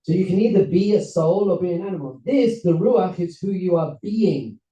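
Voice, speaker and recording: Animated man lecturing, dark roomy sound. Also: sits high, moderate pace, recorded from a distance. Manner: animated, acts out characters with voices and laughs. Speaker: rabbi giving a seminar talk. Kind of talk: lively storytelling lecture.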